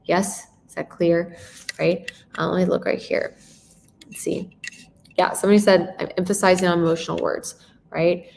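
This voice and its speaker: A woman coaching a sales class in a live session, her voice moving through many tones as she leans in and stresses words. She sits a little low for a woman and keeps checking in with quick questions. A faint hiss runs under her voice. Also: creaky. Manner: expressive, shifting tone and emphasis; frequent rhetorical check-in questions. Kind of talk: live sales training talk.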